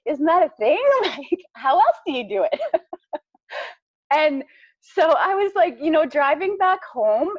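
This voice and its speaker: A woman on a group call, rambling excitedly and laughing as she talks. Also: a little high, no echo. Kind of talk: casual chat. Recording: dry, dull sound.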